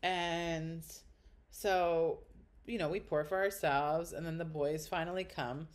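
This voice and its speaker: A woman's voice: low-pitched, fairly even intonation, takes it slowly. A woman guest on a podcast, telling a story in casual chat, blunt and crude, acting out quotes with big jumps in her voice.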